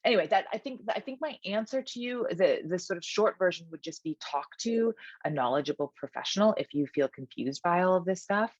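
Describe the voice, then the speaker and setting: A woman's voice: on the low side, expressive, a little fast, dry recording, muffled recording. A woman personal trainer talking energetically as a podcast guest, emphatic and full of "like" fillers and restarts. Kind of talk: conversational podcast interview.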